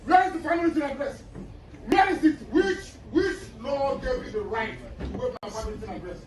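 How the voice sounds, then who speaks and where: Defiant man, very high voice, yelling from far off in an echoey room full of people. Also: brisk. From Nigeria. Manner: shouting, defiant, repeats phrases. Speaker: defendant in court. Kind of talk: angry courtroom protest. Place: busy courtroom. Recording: echoey, distant, with crowd noise.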